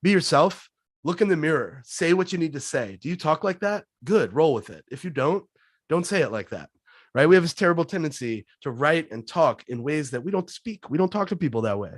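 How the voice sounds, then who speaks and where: Brief: upbeat male sales coach, slightly high voice, dry and close, quick punchy answers. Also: expressive, no room sound. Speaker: guest sales trainer. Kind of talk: webinar Q&A answers.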